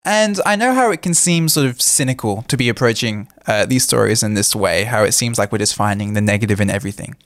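A young man giving earnest political commentary in a casual chat, often pausing with "uh". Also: lowish voice, no echo, clean studio sound. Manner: earnest, with frequent "uh" fillers. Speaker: co-host.

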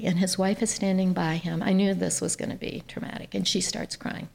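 A woman's voice: mid-range voice, a little fast, creaky, hardly any pauses. A woman from Ohio, a nonprofit chief executive, telling an earnest story as a podcast guest. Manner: earnest, animated when quoting others. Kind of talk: conversational storytelling.

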